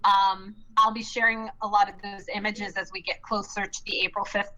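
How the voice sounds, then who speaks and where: A woman chatting excitedly on a live stream, bubbly and rambling, with many fillers and restarts. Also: mid-range voice, moderate pace, low-quality recording. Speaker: live stream co-producer and host.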